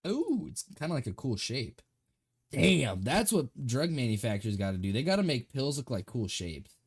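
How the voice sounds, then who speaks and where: A man's voice: medium pitch, very animated, normal speed, slightly rough. A man streaming and reacting to a video, talking in a goofy, stammering way and repeating words for laughs. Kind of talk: casual live-stream chat.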